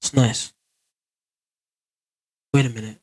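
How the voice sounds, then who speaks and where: A man's voice: mid-range voice, steady tone, slow, a little mellow, breathy edge. A man giving casual, rambling gameplay commentary and talking to his viewers. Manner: rambling, easygoing, talks to viewers. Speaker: gaming video creator.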